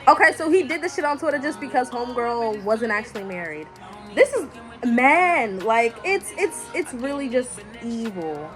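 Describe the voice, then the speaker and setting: A young woman vlogging casually about a book she is reading, chatty and quick to gasp and laugh. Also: a little high, sing-song, faint music behind. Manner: chatty, reacts loudly with gasps and laughs. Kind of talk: casual reading vlog reactions.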